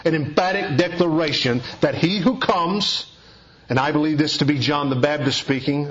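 A man's voice: mid-range voice, husky, muffled recording. A man preaching an expository sermon, emphatic and repeating key phrases for weight.

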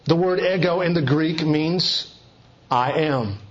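A man preaching an expository sermon in a measured way, slowing down on key phrases for emphasis. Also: on the high side, lo-fi sound.

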